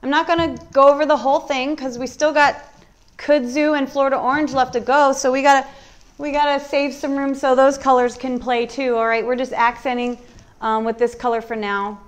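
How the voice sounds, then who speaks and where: A woman with a bright, high voice gives a live furniture-painting demo. She chats through each brushstroke in a relaxed, easygoing way. Her tone stays smooth and clear, and she thinks aloud as she works. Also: brisk. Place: warm indoor workshop.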